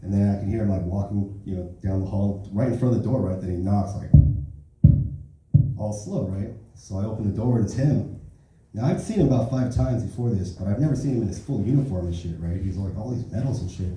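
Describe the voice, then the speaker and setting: A man's voice: on the low side, expressive, fairly quick, dark tone, slight background noise. Profane stand-up man in an echoey club. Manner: profane, rambling storytelling, tag questions. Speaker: stand-up comedian. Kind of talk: stand-up comedy set. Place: open mic comedy club. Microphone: handheld stage mic. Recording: roomy club sound from far off.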